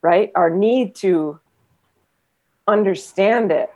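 A woman's voice: medium pitch, slow, mellow, highs cut off. A woman in casual conversation, a former trauma nurse and body therapist who talks reflectively, rambling with many fillers.

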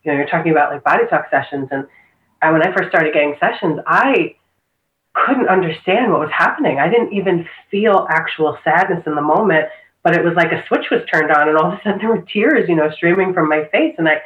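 A woman's voice: on the low side, animated, a little fast. A woman in casual conversation, a body therapy practitioner who talks earnestly and agrees often, with many fillers. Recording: tinny phone-like line in echoey room.

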